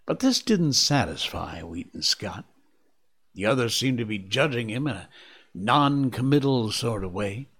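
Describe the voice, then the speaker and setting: A man narrating a classic adventure novel aloud, in a measured, expressive reading voice. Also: medium pitch, breathy edge. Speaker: audiobook narrator. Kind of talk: scripted narration.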